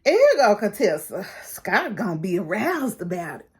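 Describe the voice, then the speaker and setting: A woman's voice: mid-range voice, sing-song, moderate pace, a little mellow, husky. A woman recapping a reality show in casual, gossipy talk, laughing often. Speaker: recap vlogger.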